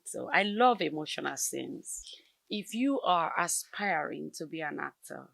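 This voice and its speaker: A woman with a Nigerian English accent talks in an interview with lively emphasis. Her lowish voice has a gravelly fry and a bright, forward edge. The recording is close and dry. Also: no echo. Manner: expressive, emphatic, laughs often. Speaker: actress interviewee. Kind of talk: conversational interview.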